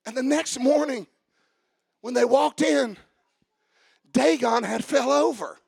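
High gravelly guy preaching, quiet one sec then shouting, dry close sound. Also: takes it slowly, long pauses, no room sound. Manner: shouting and chanting at the peaks, coaching the congregation. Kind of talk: sermon.

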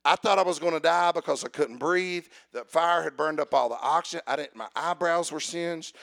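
High gravelly-voiced male preacher. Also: moderate pace. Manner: builds to loud preaching, calls for amen; acts out dialogue in storytelling. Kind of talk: sermon with personal story.

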